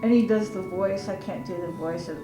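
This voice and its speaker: An older woman hosting a casual chat, telling stories in an animated way and acting out quotes. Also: medium pitch, brisk. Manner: animated storyteller, acts out quotes. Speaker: host. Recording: echoey room with music behind.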